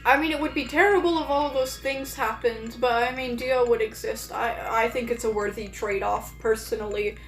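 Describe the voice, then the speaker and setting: Casual woman streamer, a touch high-pitched, rambles on and on, with faint music playing in an echoey room. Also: fairly even intonation, normal speed, hardly any pauses. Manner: rambling, many fillers and restarts. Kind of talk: casual live-stream chat.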